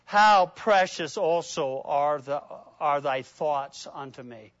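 A man preaching a sermon, swinging between loud emphatic peaks and hushed prayerful asides, reading scripture slowly and deliberately. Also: fairly high pitch, dry recording, highs cut off. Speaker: pastor.

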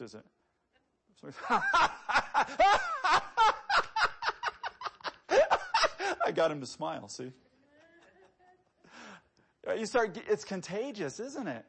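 A man's voice: fairly high pitch, slightly rough. A man preaching a sermon, talking to the congregation in a conversational way, asking rhetorical questions and reading scripture with rising emphasis.

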